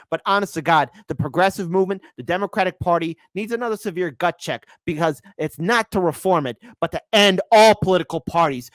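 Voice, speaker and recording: A man hosting a political commentary livestream, sarcastic and switching between loud outbursts and quiet asides. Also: sits high, dry recording, studio quality.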